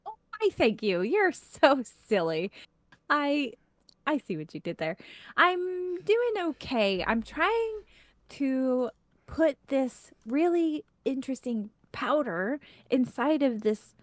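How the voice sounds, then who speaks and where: A woman voicing a fussy, excitable female gnome inventor who rambles and gets huffy. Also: high voice, slow, dry recording, voice pushed up, exaggerated voice. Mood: cheerful.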